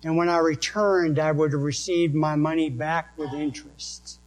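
A man with a New England accent, preaching a sermon and reading scripture verses slowly and deliberately. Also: fairly high pitch, steady tone, poor audio. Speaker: pastor.

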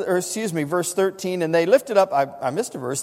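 A man preaching a sermon, building to dramatic shouts when he quotes scripture. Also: sits high, animated, fairly quick, few pauses. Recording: long reverb of a church hall.

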